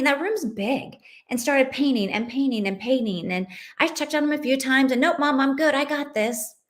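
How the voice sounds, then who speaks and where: A woman in her late thirties, a podcast host and mother, telling a personal story in a heartfelt, conversational way. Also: high-pitched. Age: late 30s. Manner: heartfelt, conversational, many "you know"s.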